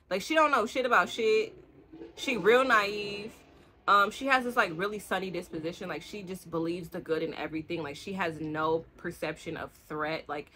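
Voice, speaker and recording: A woman's voice: fairly low pitch, a little hiss or hum. A young woman, giving a rambling, casual book review full of swearing and acted-out lines. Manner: animated, swearing, acts out the characters' lines in quick bursts. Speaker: book vlogger.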